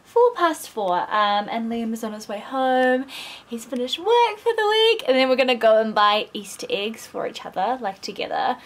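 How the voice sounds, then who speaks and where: A woman, chatting excitedly to camera in a casual vlog and often dropping to a hushed voice. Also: a little high, moderate pace. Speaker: vlogger.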